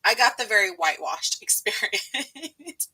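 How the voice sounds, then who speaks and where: A woman's voice: a little high, animated, unhurried, pushed and bright, breathy edge. A woman in her thirties from Texas with a Texan accent, chatting casually and laughing often as she hosts a live writing stream. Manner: giggly, chatty, frequent laughter. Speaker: livestream host.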